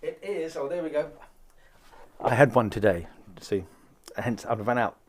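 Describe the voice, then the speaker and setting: A man's voice: medium pitch, expressive, unhurried, darkish tone. Chatty man hosting a live stream. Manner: chatty, greets viewers by name, rambling asides. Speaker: host of a live psychic reading stream. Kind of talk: casual live-stream chat reading out viewer comments.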